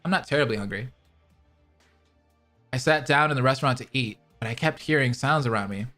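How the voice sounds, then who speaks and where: A man's voice: mid-range voice, a little fast, sharp tone, soft background music, lightly acted. A man reading aloud as a tired, kind older woman narrating her own story in the first person.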